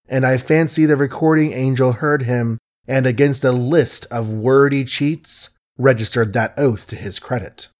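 A man narrating an audiobook in a measured storytelling manner. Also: mid-range voice, steady tone, darkish tone.

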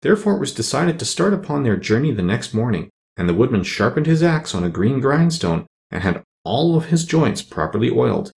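A man's voice: medium pitch, fairly quick, gravelly, few pauses. A man reading a children's storybook aloud as narrator, voicing each character in turn. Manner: expressive, voices each character. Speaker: audiobook reader.

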